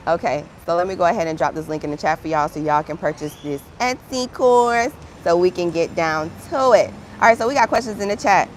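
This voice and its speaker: A woman's voice: lowish voice, expressive, brisk, hardly any pauses, slight background noise. A woman hosting a livestream as a grant writer, chatting casually and encouragingly with her viewers. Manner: upbeat, encouraging, chatty, calls viewers "friend".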